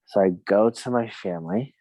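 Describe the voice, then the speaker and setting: A man's voice: fairly low pitch, moderate pace, warm tone, no echo, dull audio. A man in a past-life regression session, casually recounting what he sees. He laughs often and acts out the people he quotes. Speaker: regression client.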